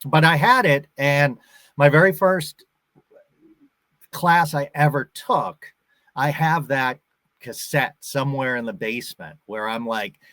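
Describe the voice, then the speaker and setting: A man in his fifties from the Boston area, with a faint Boston accent, tells stories in a relaxed interview chat. He acts out the voices of people he quotes. The sound is dry and close to the mic. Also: medium pitch, unhurried, no echo. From Boston area, USA. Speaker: actor and guest.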